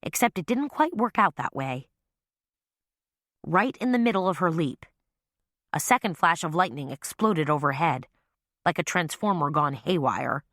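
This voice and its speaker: A woman narrating an audiobook with lively storytelling. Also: low-pitched, normal speed, pauses often, no echo, studio quality. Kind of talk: scripted narration.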